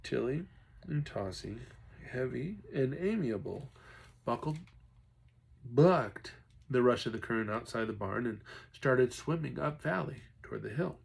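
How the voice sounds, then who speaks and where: Male storybook reader; unhurried, animated, breathy. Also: mid-range voice. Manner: expressive, stops to chat with listeners. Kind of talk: reading a children's novel aloud.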